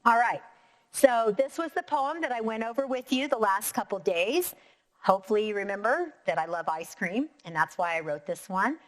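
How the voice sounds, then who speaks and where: Woman teacher talking to little kids on a recorded lesson, clear and encouraging, slows right down to count syllables. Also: medium pitch, animated. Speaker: elementary school teacher.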